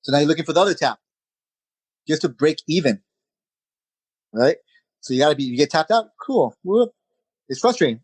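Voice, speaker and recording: A man, a jiu-jitsu instructor, chatting as a podcast guest in an energetic, conversational way, with lots of "you know" and "man.". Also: a little high, moderate pace, long pauses, breathy edge, no room sound, rough recording. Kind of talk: casual interview chat.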